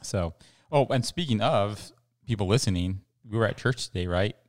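A man's voice: lowish voice, moderate pace, darkish tone. A middle-aged man from El Paso co-hosting a podcast in casual, rambling chat with many fillers. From El Paso, Texas. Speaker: podcast co-host.

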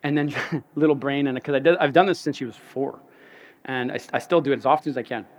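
A man, a pastor, giving an earnest, conversational sermon, often dropping to soft, quiet stretches and repeating words. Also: medium pitch, fast, highs cut off.

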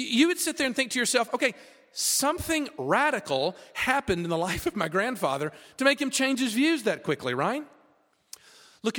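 A man preaching to a hall full of students. His voice sits high and swings widely as he asks rhetorical questions. A long reverb from the hall trails after every phrase. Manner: conversational, animated, rhetorical questions. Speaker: campus preacher. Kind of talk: sermon with scripture reading.

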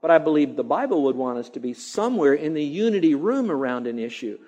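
A man's voice: fairly high pitch, very animated, quick pace, dark tone. A middle-aged male pastor preaching a sermon, stretching out key words for emphasis and mimicking grumbling sounds.

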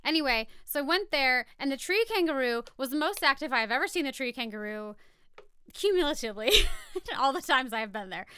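A woman's voice: sits high, expressive, brisk, sharp tone, slight background noise. A woman co-hosting a podcast in casual chat, blunt and rambling, swearing freely as she tells stories. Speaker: podcast co-host.

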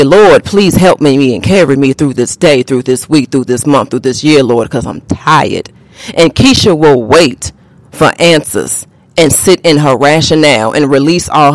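A woman's voice: deep voice, no echo. A woman co-hosting a casual podcast, talking in a blunt, emphatic, preachy way and swearing freely. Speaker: podcast co-host.

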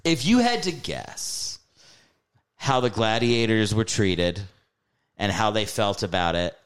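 Low smooth-voiced man telling stories. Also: expressive, takes it slowly. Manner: laughs often, swears, tells stories. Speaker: podcast host, comedian. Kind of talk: casual chat.

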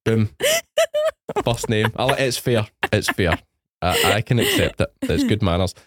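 A man's voice: on the low side, huge pitch swings, measured pace, background noise. A man hosting a podcast in casual chat, joking and teasing his co-host.

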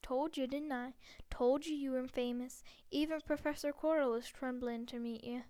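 A woman's voice: high voice, steady tone, normal speed, warm tone, clear, resonant tone, lightly acted. A woman voicing a huge, friendly male gamekeeper who talks in a homely, plain-spoken way.

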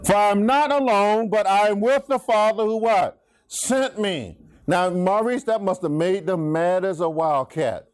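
A middle-aged pastor with a lilt leads a call-and-response Bible lesson. His voice sits high for a man, and he swings it up and down as he preaches. He keeps asking the listeners to call out the last word. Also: measured pace. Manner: preachy, swings pitch, asks congregation to finish lines.

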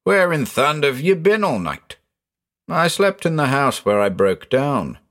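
Excitable rustic farmer, folksy backcountry talk, quavering, higher-pitched , voiced by a man, audiobook ghost story. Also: measured pace. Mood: astonished.

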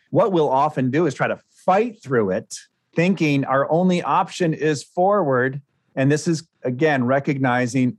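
A man's voice: fairly high pitch, lively intonation, moderate pace, no echo, studio quality. Encouraging man, podcast co-host. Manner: coaching, encouraging, speaks to listeners directly. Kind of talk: casual conversational podcast.

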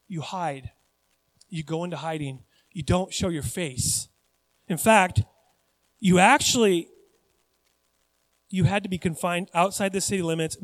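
A male pastor preaching a sermon in a conversational, animated way, often putting questions to the congregation. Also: high voice. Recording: long hall reverb.

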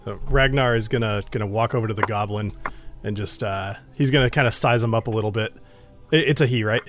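A man's voice: on the low side, brisk, music in the background. A man playing a tabletop game, hesitant and thinking aloud. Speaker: player. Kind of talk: casual tabletop play.

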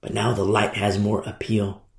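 A man's voice: on the low side, monotone, moderate pace, creaky. A man preaching a sermon, emphatic and fond of repeating phrases for effect. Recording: echoey room.

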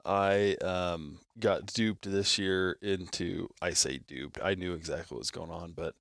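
A man with a fairly low voice, telling a story in casual conversation. He throws himself into the quoted lines with sudden leaps in pitch. The sound is close and dry. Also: a little slow, gravelly, no room sound. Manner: animated storyteller who acts out quotes with big jumps in pitch. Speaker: co-host in hunting talk, works at an optics shop.

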